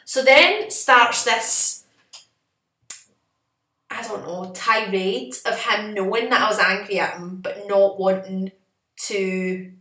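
A young woman co-hosting a podcast, telling a story in a sassy, animated, self-mocking way. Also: mid-range voice, slow, long pauses. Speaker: podcast co-host. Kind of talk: casual storytelling chat. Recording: echoey room.

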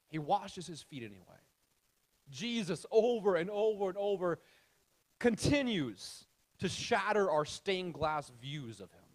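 A man with a notably high voice preaches a sermon. He leans hard on key phrases, repeats them, then sinks to a near-whisper. He keeps turning to his listeners with direct questions. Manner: emphatic, repeats key phrases, drops to soft hush; addresses the audience directly with questions. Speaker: pastor.

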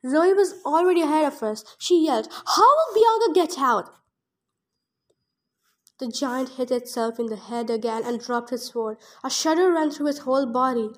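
High-voiced woman reading aloud to listeners. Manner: reacts emotionally, stumbles on words. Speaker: audiobook reader and podcast host. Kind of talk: amateur read-aloud with emotional asides.

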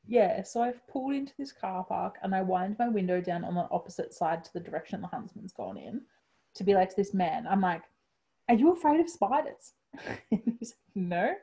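An Australian woman spinning a yarn in casual chat, with a mellow, warm tone. She laughs easily and throws herself into quoting people. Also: on the low side, a little fast, vocal fry. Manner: animated, laughs often, acts out quotes.

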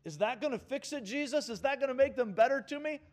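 A man's voice: on the high side, animated, measured pace, a little mellow, voice pushed down. A man in a sermon voicing his own complaining, reluctant inner self in a petulant tone. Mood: whiny.

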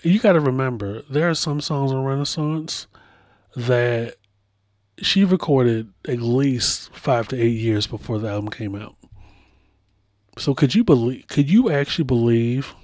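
A man hosting a casual pop culture podcast, telling stories with lively asides and playful voiced impressions. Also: mid-range voice, a little slow, no room sound, clean studio sound. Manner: animated storytelling with playful impressions. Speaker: podcast host.

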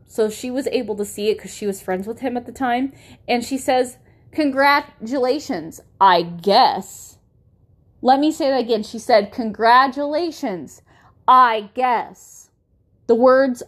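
A woman's voice: on the high side, a little mellow. A young woman hosting a podcast, telling a personal story in a candid, blunt way, swearing freely and restarting her sentences with lots of fillers. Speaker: podcast host.

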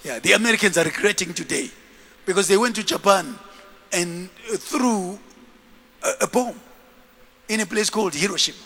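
A man preaches a sermon in a very high, bright voice, acting out the stories he tells. His pitch leaps and falls all the time. A long reverb from the hall hangs behind him. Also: moderate pace, creaky, long pauses. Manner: animated storytelling, acting out scenes. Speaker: bishop and preacher.

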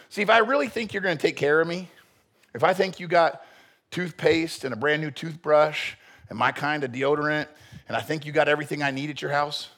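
A man preaching a sermon. His pitch is high and swings widely, and the tone is husky. He talks energetically and acts out quotes. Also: fairly quick. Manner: animated, acts out quotes, rhetorical questions. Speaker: pastor.

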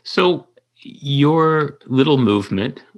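A man's voice: medium pitch, expressive, takes it slowly. A man hosting an interview, asking long, rambling questions that he rephrases as he goes. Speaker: interviewer, host.

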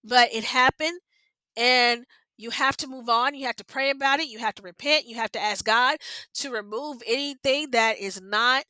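Woman host, heartfelt devotional monologue, fairly high voice, emotional and insistent. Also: normal speed, bright, forceful tone, no room sound. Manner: earnest, repetitive, emotional, close to tears. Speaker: podcast host. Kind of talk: personal devotional talk.

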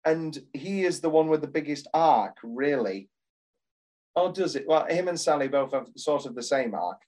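A man's voice: a little high, animated, normal speed, a little mellow. A British man co-hosting a theatre podcast, talking passionately in casual chat, swearing and reading script lines aloud in mock voices. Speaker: podcast co-host.

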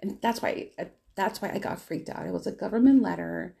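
A woman's voice: medium pitch, brisk, creaky, dark tone. A woman hosting her own podcast, telling a personal story in a candid, rambling way with many restarts. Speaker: podcast host.

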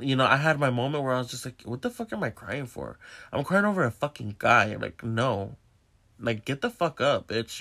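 A young man with a sharp, bright tone chats casually to his viewers. He tells his story candidly and animatedly, with plenty of cursing. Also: medium pitch. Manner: profane, candid and animated, talks straight to viewers. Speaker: vlogger.

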